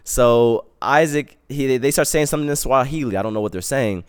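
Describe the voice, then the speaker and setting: A man's voice: medium pitch, fairly quick, few pauses, clean tone. A young man hosting a podcast, telling a story in a casual, slangy way and acting out the quotes. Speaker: podcast host.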